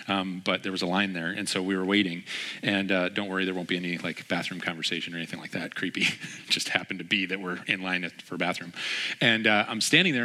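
A man's voice: low-pitched, pushed and bright. Chatty storytelling pastor, a man. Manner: storytelling, chatty with frequent fillers. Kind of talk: conversational sermon.

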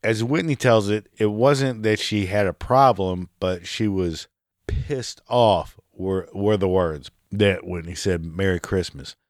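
A man's voice: fairly low pitch, slow, dry recording, clean studio sound. A man hosting a solo podcast, ranting sarcastically and swearing often. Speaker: podcast host.

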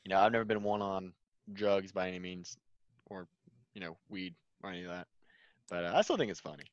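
A young man co-hosting a podcast, talking casually and hesitantly with lots of fillers, often trailing off quietly. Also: sits low, brisk, dry recording, dull audio. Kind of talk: casual chat.

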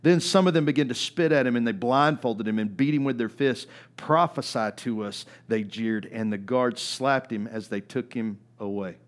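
A man preaching a sermon in a conversational way, often asking "right?", moving between loud, emphatic peaks and quiet, low stretches. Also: normal speed, few pauses. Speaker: pastor.

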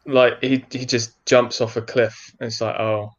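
A man's voice: mid-range voice, flat delivery, moderate pace, highs cut off. A man casually chatting as a podcast co-host, loose and chatty with plenty of filler words. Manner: chatty, lots of likes and fillers. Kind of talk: casual chat.

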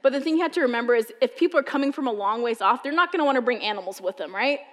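A woman's voice: a little high, lively intonation, rapid-fire. Chatty woman preaching in a reverberant hall. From US East Coast. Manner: humorous, chatty storytelling with frequent "like". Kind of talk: conversational sermon.

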